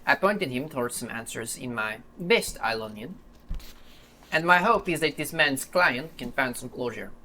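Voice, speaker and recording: A man voicing a secretive, earnest father with a French accent, reading his letter in a grave, measured way. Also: medium pitch, animated, pushed and bright, slight background noise.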